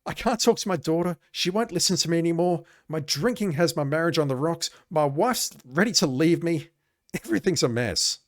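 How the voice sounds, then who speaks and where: A man's voice: mid-range voice, lively intonation, normal speed, a bit bright, no echo, studio quality, lightly acted. A man voicing a depressed middle-aged male cop in a retro game, reading his lines with a raised, mournful tone. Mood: glum. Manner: mournful, self-pitying.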